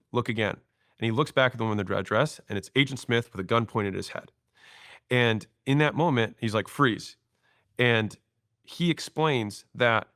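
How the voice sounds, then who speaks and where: A man in his thirties, a podcast guest, telling stories and acting out quoted lines in an animated way. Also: mid-range voice, no echo, studio quality. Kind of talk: storytelling interview talk.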